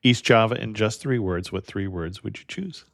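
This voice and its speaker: Low-voiced male travel podcast host. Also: moderate pace, vocal fry, no room sound, studio quality. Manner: upbeat, says "excellent" often. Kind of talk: casual interview.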